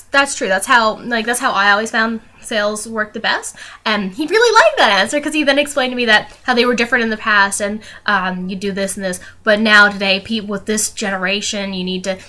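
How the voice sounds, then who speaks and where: A woman's voice: medium pitch, bright, forceful tone. A young woman vlogging casually, telling a rambling story full of fillers and restarts. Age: young adult.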